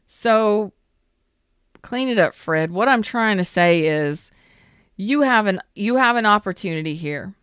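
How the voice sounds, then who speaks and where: A woman talks through a tarot reading in a loose, chatty way, firing off the same questions again and again and often restarting her sentences. Her voice is smooth and clear, with a dry, close sound and little room echo. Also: medium pitch, expressive, unhurried, a bit bright. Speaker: tarot reader. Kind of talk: casual spoken tarot reading.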